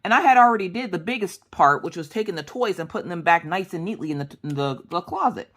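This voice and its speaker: A woman's voice: on the low side, lively intonation, fast, fairly bright tone. A woman in her thirties chatting casually while she crafts, rambling through family stories and acting out the dialogue. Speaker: crafting vlogger.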